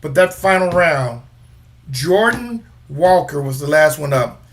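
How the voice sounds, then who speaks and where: A man with a high, bright voice talks sports with a co-host in a loose, rambling way. He jokes and trash-talks rival teams, trailing off and restarting as he goes. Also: steady tone, moderate pace. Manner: rambling, joking, trash-talking. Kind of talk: casual sports chat.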